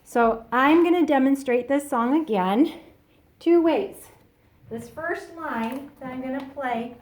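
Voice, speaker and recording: A woman piano teacher explaining a lesson to a student in a slow, patient way. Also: sits high, a little mellow. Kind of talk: recorded private lesson.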